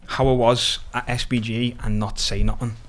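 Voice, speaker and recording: A man in his thirties from Liverpool with a Scouse accent, talking as a podcast guest in a blunt, animated way, swearing freely and calling people "lad". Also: mid-range voice, moderate pace, slight background noise. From Liverpool, England. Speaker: guest, mixed martial arts fighter. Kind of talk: casual podcast chat.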